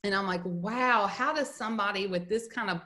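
A woman's voice: medium pitch, brisk, pushed and bright. A middle-aged woman with a Southern US accent, co-hosting a podcast and chatting casually, telling stories and laughing often. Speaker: podcast co-host. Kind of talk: casual chat.

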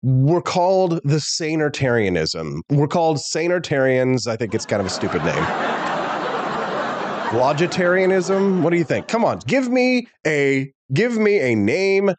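A male talk show host delivering an animated, opinionated monologue straight to viewers. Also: on the high side, moderate pace, hardly any pauses, noisy background.

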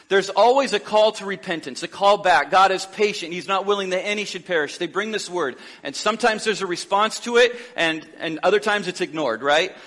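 A man preaching a sermon as pastor, lively and joking, acting out the dialogue of the people he describes. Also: high-pitched, long reverb tail. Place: church sanctuary.

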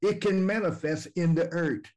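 A man's voice: high voice, steady tone, normal speed, darkish tone. A man preaching a sermon, with repetitive, emphatic phrasing and questions to his listeners.

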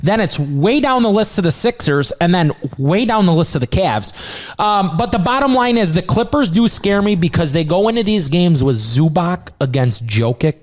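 Joking man with animated betting banter. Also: high-pitched, normal speed. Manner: joking, laid-back banter. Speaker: podcast co-host. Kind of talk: casual sports betting chat.

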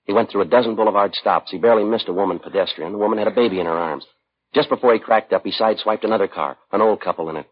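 An actor playing a terse, steady police detective with a clipped, matter-of-fact delivery in an old radio drama. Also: male voice, fairly low pitch, racing, hardly any pauses, husky. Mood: firm. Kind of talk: 1950s radio drama acting. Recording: dull old radio broadcast.

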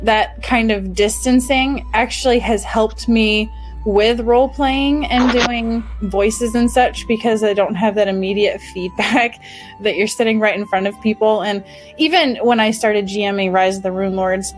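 A woman's voice: medium pitch, steady tone, measured pace, poor audio. A woman game master chats on a casual panel. She laughs often and trails off into restarts. Faint music runs underneath.

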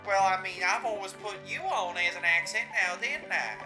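A man playing a cheery showman in a put-on accent, high and bouncy, feigning innocence. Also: moderate pace, music in the background, lightly acted, poor audio. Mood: chirpy.

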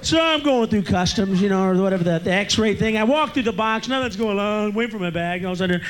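A male stand-up comedian telling a profane story, breaking into shouted rants. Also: high-pitched, animated, fast talker, slight background noise. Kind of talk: stand-up routine. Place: comedy club stage. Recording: live club recording with audience laughter.

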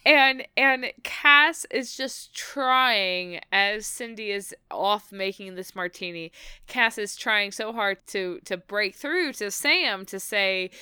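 A woman chatting about a TV episode, excitable and swearing as she laughs through her recap. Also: mid-range voice, takes it slowly, clean tone, dry recording, studio quality. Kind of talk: casual chat recapping a TV episode.

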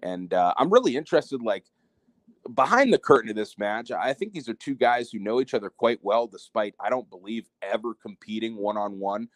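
On this casual wrestling preview podcast, a co-host speaks in a lowish, animated voice at a moderate pace. He's frank and fired up, swearing at times, and there's no echo on the audio.

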